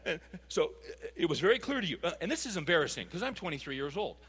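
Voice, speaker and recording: A man delivers a sermon in a bright, ringing voice that sits high for a man. He speaks emphatically and keeps asking the congregation questions. His words carry a long reverb, as in a large hall. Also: very animated, quick pace, a little hiss or hum. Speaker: pastor.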